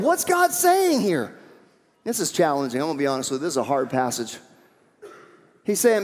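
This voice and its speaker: A male pastor delivers a sermon in a high, ringing voice, hammering his points home by repeating them and coaxing his listeners along. The sound carries a long reverb tail. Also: sing-song, moderate pace, long pauses. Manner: emphatic, repeats key phrases; coaxing calls to the congregation. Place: church sanctuary.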